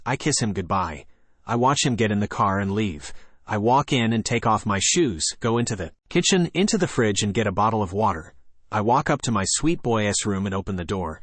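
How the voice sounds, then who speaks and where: Male horror narrator, lower voice, steady scripted read, dry close sound. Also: moderate pace, no echo.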